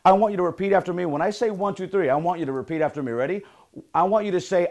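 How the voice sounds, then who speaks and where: Upbeat male sales coach, higher voice. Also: expressive, fast, darkish tone. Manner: upbeat, leads call-and-response affirmations. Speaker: real estate sales coach. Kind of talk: motivational training talk.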